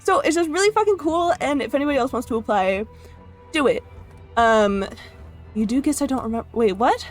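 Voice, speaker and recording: A chatty young woman streams from her room, her voice sitting a little high as she giggles and coos at her dog. Faint music plays underneath her casual talk. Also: lively intonation, a little fast. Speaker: livestreamer.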